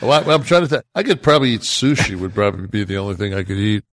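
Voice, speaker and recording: A man in his sixties co-hosting a podcast, talking casually in a rambling, profane way, full of halting restarts. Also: on the low side, expressive, a bit bright, no echo, studio quality. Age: 60s. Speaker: podcast co-host. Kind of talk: casual chat.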